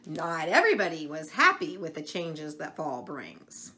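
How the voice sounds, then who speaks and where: A middle-aged woman reading a children's picture book aloud, expressive, pausing to chat with young listeners. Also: low-pitched, a little hiss or hum. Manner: expressive, slow, chats to the listener between pages. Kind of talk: read-aloud storytelling for children.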